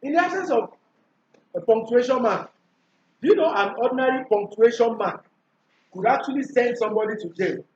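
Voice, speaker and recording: A man's voice: extremely high pitch, lively intonation, brisk, pauses often, darkish tone, slight background noise. A man teaching a classroom revision lesson, quizzing his students and repeating his questions. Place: school classroom. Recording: echoey classroom from far off, dull and lo-fi.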